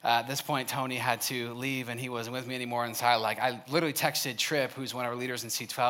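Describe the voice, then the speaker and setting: A young man from Wisconsin delivers a storytelling sermon to a live audience as a youth speaker, casual and chatty, laughing often and saying "like" a lot. His medium-pitched voice is steady, pushed and bright, and he talks fast with hardly any pauses.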